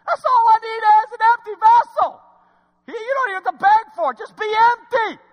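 Man acting out God, generous divine voice, high and loud, echoey hall. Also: lo-fi sound. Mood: urgent, giving. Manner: calling out in a high, loud, slow voice.

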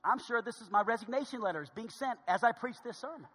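A man's voice: extremely high pitch, expressive, quick pace, fairly bright tone, slightly rough. A man preaching a sermon, telling a humorous story with emphatic delivery. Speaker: pastor. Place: church sanctuary. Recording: long reverb of a large hall.

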